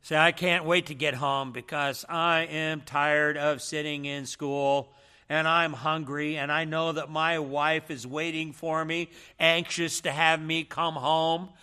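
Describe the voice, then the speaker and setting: A man's voice: a little high, flat delivery, a little slow, bright, forceful tone, smooth. A man acting out a tired, hungry young seminary student who grows outraged about dinner. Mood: eager. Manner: outraged rhetorical complaining.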